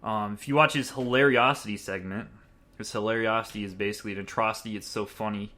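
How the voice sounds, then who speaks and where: Young male podcast host, casual review, lively and rambling, slightly low and bright. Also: fast talker. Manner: excitable, rambling, laughs often.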